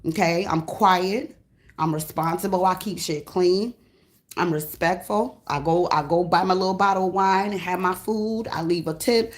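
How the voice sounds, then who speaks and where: A woman giving a casual tarot reading, blunt and profane, with an animated delivery. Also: lowish voice, normal speed. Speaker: tarot reader. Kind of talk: casual spiritual reading monologue.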